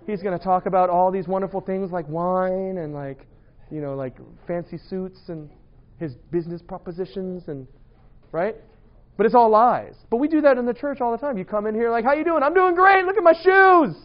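High-voiced animated male preacher. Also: moderate pace, lo-fi sound. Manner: animated storytelling, playful, laughing asides. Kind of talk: humorous sermon.

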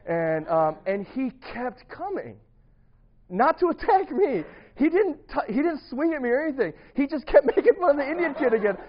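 A man's voice: very high-pitched, big pitch swings, moderate pace, highs cut off. A young man casually telling a long personal story to a small group, rambling with many restarts and often breaking into laughter. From grew up partly in the US Midwest.

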